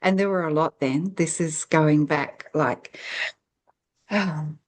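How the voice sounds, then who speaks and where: A middle-aged New Zealand woman with a low voice speaks slowly as an interview guest, telling her story casually. She's rambling and reflective, wandering between thoughts, breaking off mid-sentence, and using plenty of "um"s.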